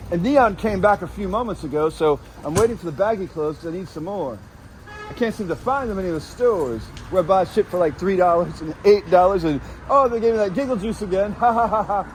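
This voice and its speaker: A man doing a satirical street report outdoors at night, rambling with crude deadpan jokes as he quizzes passers-by. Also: sits high, a little hiss or hum. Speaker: street vlogger asking passers-by questions. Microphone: handheld camera.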